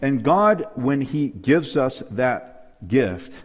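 A man's voice: mid-range voice, very animated, very slow, big-room sound. A man preaching a sermon to a church audience, emphatic and calling out for amens. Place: church hall with a live and online audience.

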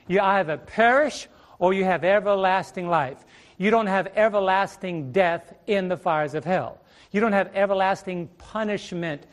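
A middle-aged male preacher with a high-pitched voice teaches a Bible study sermon on a ministry stage at normal speed. He asks rhetorical questions and repeats his phrases.

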